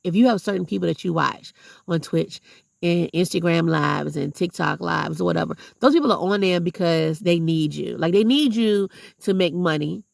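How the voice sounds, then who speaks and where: Woman vlogger, gravelly fry, dry close sound, blunt and preachy. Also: fairly low pitch, moderate pace, no echo. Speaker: vlogger and substitute teacher. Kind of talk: heartfelt casual vlog monologue.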